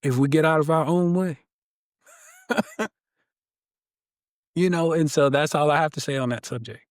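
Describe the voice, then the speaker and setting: A man's voice: on the high side, measured pace, no echo, clean studio sound. A man guest on a podcast, telling a story in an emphatic, preacher-like way that draws out key words.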